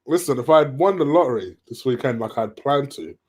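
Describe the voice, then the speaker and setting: A man hosts a relaxed live stream and answers viewer questions as he goes. He talks in a loose, chatty way at a middle pitch. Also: a little fast, husky. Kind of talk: casual live stream chat.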